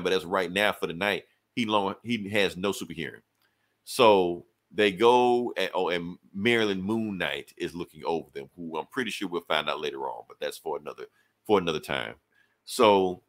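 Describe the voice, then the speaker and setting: A young man co-hosting a podcast, retelling a comic book story in casual chat, acting out characters' lines with swearing and quick asides. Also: lowish voice. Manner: animated storytelling, casual profanity, quick quoted dialogue. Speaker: podcast co-host reviewing comics.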